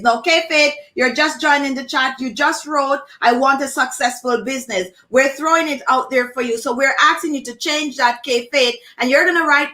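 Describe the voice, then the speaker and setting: A woman hosts a casual live chat in a high, bright voice. She talks emphatically, repeating phrases for stress. Her tone is lively and animated. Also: moderate pace, few pauses. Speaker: host of a live stream.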